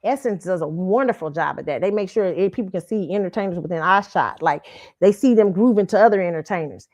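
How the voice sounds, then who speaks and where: A woman's voice: on the low side, fast talker, darkish tone. A woman host giving a blunt, profane and mocking opinion rant. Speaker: show host. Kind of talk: ranting opinion commentary. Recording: slightly dull lo-fi audio.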